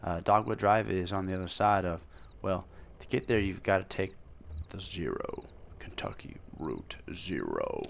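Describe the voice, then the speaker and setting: A man's voice: low-pitched, moderate pace, vocal fry. A man voicing a folksy, chatty older male gas station owner with a put-on drawling country voice. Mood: helpful.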